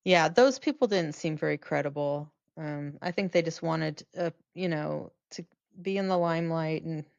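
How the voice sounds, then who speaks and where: A woman co-hosting a podcast in casual chat, relaxed and agreeable. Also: deep voice, normal speed, gravelly, few pauses. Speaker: podcast co-host. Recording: dry, dull lo-fi sound.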